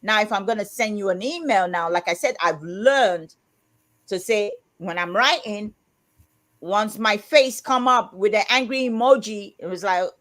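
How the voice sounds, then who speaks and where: A woman's voice: mid-range voice, measured pace, a bit bright. A woman from Britain co-hosting a casual livestream chat, rambling, correcting herself and laughing often. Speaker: co-host.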